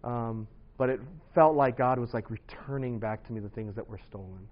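A man's voice: medium pitch, normal speed, lo-fi sound. Earnest man telling his life story. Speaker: speaker sharing his testimony. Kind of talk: personal testimony talk.

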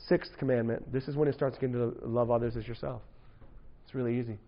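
A man's voice: medium pitch, steady tone, fast, highs cut off. A man preaching to young people in a casual, joking way, often tossing in "right?" asides. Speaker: youth pastor.

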